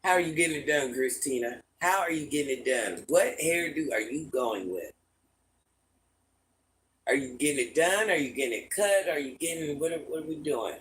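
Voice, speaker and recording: A middle-aged man hosting a casual livestream, telling stories and answering his chat in a lively, repetitive way. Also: on the high side, normal speed, slight background noise, poor audio. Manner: repetitive, animated storytelling, often restarts phrases. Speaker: livestream host talking to chat viewers.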